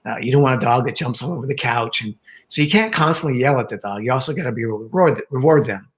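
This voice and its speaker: Calm older man explaining. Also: mid-range voice, fast talker, rough recording. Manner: calm, explanatory, with acted quotes. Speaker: panel expert guest. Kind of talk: online panel talk.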